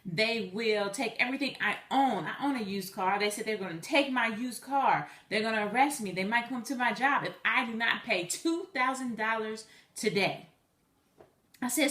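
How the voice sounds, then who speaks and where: Animated woman telling a storytime. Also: on the high side, moderate pace, roomy sound. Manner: animated, chatty, acts out both sides of a conversation. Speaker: vlogger. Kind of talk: personal storytime.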